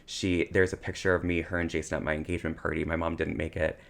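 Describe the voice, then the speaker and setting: Male podcast co-host, low and gravelly, emotional storyteller. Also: quick pace. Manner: emotional, tearful at times, animated storytelling. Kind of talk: casual chat, personal storytelling.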